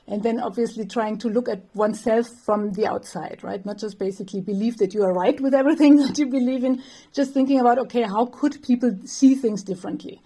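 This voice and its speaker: A woman's voice: on the high side, a little fast, mellow. A woman professor, answering interview questions thoughtfully, with light laughs and some fillers. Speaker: developmental psychology professor, guest.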